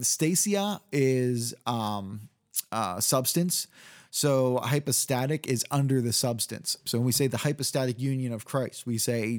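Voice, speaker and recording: A man giving an unscripted lecture on church history, explaining step by step with many fillers and restarts and checking in with his listeners. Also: mid-range voice.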